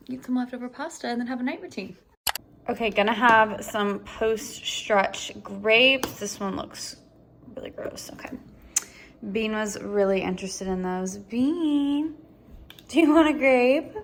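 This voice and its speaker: Chatty young woman, bright voice. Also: medium pitch, reverberant. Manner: chatty, says "like" often, laughs between thoughts. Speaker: vlogger. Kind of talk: casual vlog chat. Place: at home, indoors.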